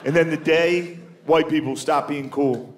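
A man's voice: fairly high pitch, steady tone, measured pace, background noise. An American man doing a stand-up comedy set on stage, talking in a loose, casual way and chuckling at his own lines. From United States. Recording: echoey venue with loud audience laughter.

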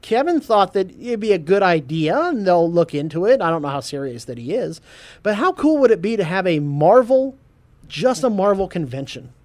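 A man hosting a casual geek news podcast, animated, laughing often and stumbling over his words. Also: sits high, moderate pace. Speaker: podcast host.

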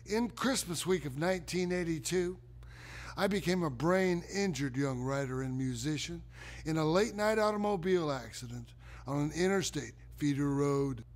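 A middle-aged man performs his own life story as a theatrical spoken monologue, talking slowly and deliberately and letting dramatic pauses hang. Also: a little high, animated. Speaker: performer of a one-man autobiographical play.

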